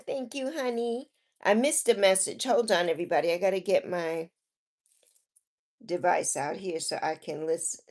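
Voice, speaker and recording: A woman hosting a live stream, chatting casually as she reads viewer comments, affectionate and sympathetic, calling people endearing names and repeating her kind wishes. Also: mid-range voice. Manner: sympathetic, repeats herself softly.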